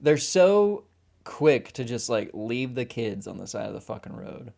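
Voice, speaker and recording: A man's voice: mid-range voice, big pitch swings, unhurried, creaky, darkish tone. A man co-hosting a film podcast, chatting casually and animatedly, acting out quoted lines and swearing often. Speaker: podcast co-host.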